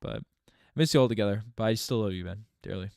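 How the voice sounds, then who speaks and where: Fast and lowish, with vocal fry and a darkish tone, this channel host from Newfoundland, Canada speaks in a light local accent. The young man's casual live-stream chat is rambling, full of restarts and laughter, recorded with clean studio sound and no echo.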